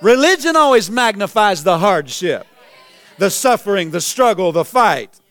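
A man's voice: sits high, expressive, unhurried, a bit bright, no echo, soft background music. A man preaching a sermon as pastor, building to emphatic exclamations.

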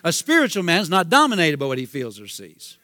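A man's voice: a little high, wildly swooping pitch, brisk, sharp tone, no echo, clean studio sound. Fervent Southern-sounding male preacher. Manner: fervent, repeats himself, calls out hallelujah. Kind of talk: sermon.

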